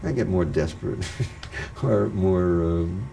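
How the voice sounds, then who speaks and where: Slow, roomy-sounding poet in his sixties. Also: deep voice, lively intonation, creaky, dark tone, slight background noise. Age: 60s. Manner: slow incantatory recitation, then loose reflective talk. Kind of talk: poetry reading and interview answers. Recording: roomy echo, old videotape transfer.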